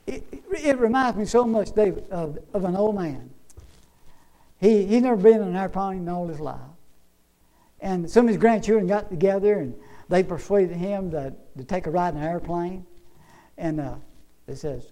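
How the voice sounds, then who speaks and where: A man preaching a sermon, swinging between loud emphatic bursts and quiet asides. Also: high-pitched, moderate pace, poor audio.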